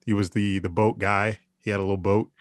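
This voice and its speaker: A man's voice: fairly low pitch, level tone, brisk, dry recording, clean studio sound. An American man co-hosting a podcast, chatting in a laid-back, casual way. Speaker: podcast co-host. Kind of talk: casual chat.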